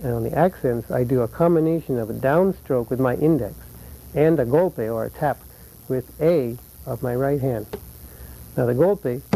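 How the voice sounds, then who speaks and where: A man teaching flamenco guitar, explaining rhythm patterns patiently and counting beats aloud slowly. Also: medium pitch, creaky, warm tone, a little hiss or hum, rough recording. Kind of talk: instructional lesson.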